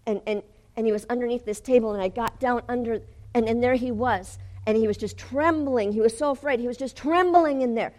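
Older woman preacher, fervent sermon delivery that builds to shouting. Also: fairly high pitch, brisk. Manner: fervent, rises to shouting when retelling. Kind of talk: sermon testimony.

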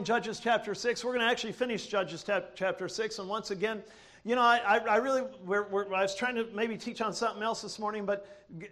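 High-voiced preacher man, emphatic. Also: fairly bright tone. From Ohio, US. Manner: preaching with call-and-response, rising emphatic cadence. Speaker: pastor. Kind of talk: sermon.

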